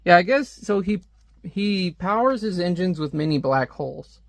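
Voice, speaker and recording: Gravelly-voiced man rambling through a comic review. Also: high-pitched, animated, moderate pace, dry recording. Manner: rambling and sarcastic, reads panels aloud.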